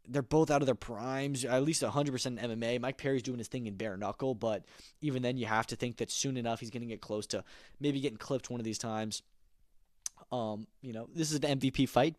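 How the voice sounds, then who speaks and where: A podcast host with a medium-pitched, slightly mellow voice gives casual, opinionated commentary on combat sports, repeating points emphatically and using plenty of fillers. The recording is studio quality, with no echo.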